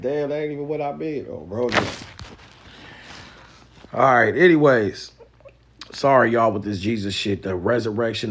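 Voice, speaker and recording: Man, low-pitched, streaming a profane, preachy lecture with lots of energy. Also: rough recording. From Mississippi Delta. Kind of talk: casual live-stream monologue.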